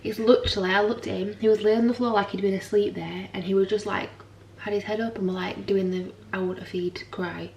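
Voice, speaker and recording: A woman's voice: mid-range voice, steady tone, brisk, darkish tone, reverberant, distant mic, slight background noise. A young mother vlogging in a frank, rambling chat to camera, tired and swearing now and then. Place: home.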